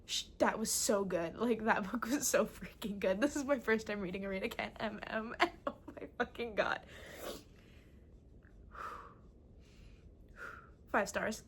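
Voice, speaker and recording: A young woman vlogging casually about her reading, excitable and gushing, swearing often. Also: medium pitch, unhurried, pauses often, a little hiss or hum. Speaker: book vlogger. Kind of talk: casual vlog chat.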